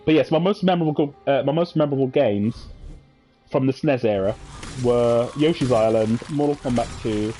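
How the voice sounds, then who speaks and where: A man's voice: mid-range voice, moderate pace, dark tone, faint music behind. A man, chatting casually and reminiscing over gameplay with many fillers and asides. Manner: rambling, nostalgic storytelling with many fillers. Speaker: gaming channel host.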